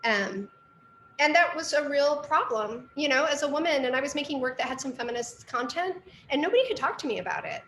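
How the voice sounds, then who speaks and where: A middle-aged woman with a slightly high voice tells stories from her art training in a chatty, rambling way. She is recorded in an echoey room with a faint hiss behind her. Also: animated, brisk, a bit bright. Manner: chatty storytelling with fillers and asides. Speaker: artist and art teacher. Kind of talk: casual lecture talk.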